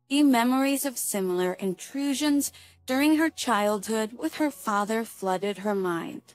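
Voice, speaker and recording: A woman narrating a dramatic story in an even, measured reading voice. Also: a little high, dry recording.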